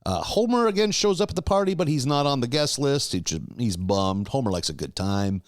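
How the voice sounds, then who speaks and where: A man's voice: mid-range voice, lively intonation, fairly quick, no echo, clean studio sound. A man co-hosting a podcast, casually recapping episodes in a laid-back way, with lots of swearing. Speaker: podcast co-host.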